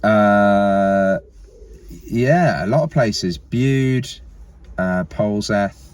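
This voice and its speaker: Deep-voiced laid-back guest. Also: male voice, very slow, a little mellow, smooth. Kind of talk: casual chat.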